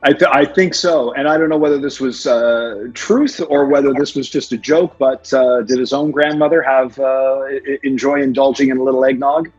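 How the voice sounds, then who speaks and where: A man's voice: mid-range voice, fairly even intonation, normal speed, few pauses, darkish tone, dull audio, faint music behind. A man interviewing a guest, asking easygoing questions. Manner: easygoing questions with light laughs. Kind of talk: radio interview.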